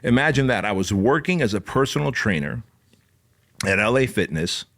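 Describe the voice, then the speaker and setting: Profane, animated male podcast host. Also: lowish voice, moderate pace. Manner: profane, animated, frequent "like" and "bro". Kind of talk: casual storytelling.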